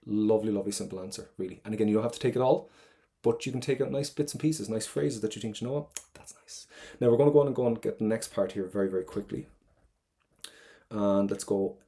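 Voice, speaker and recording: A man's voice: fairly low pitch, fairly even intonation, quick pace, dark tone. A young Irish man teaching an online exam prep class, upbeat and playful, explaining step by step.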